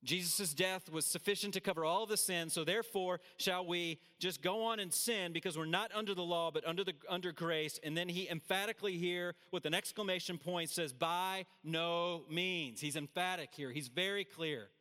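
A man's voice: sits high, fairly quick, few pauses, bright, forceful tone. A man preaching a sermon to a room, earnest and emphatic, with casual asides. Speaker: pastor. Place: large room with audience. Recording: hall reverb.

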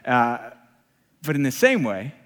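A man preaching to a live audience, telling a humorous personal story in an animated, self-mocking way. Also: medium pitch, takes it slowly. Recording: long reverb of a large hall.

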